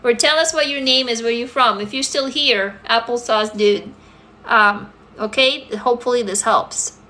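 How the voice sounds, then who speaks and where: A woman's voice: on the high side, normal speed, pushed and bright. A woman, talking bluntly and emphatically to viewers on a livestream, swearing freely. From Russia. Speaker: livestream host answering viewers. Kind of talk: casual livestream chat.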